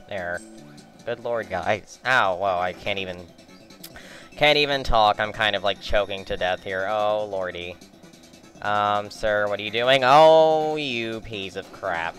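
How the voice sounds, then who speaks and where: A man's voice: on the low side, unhurried, a bit bright, faint music behind. Swearing young man playing a game. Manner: rambling, joking, swearing at bosses. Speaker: let's play commentator. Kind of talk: casual gameplay commentary.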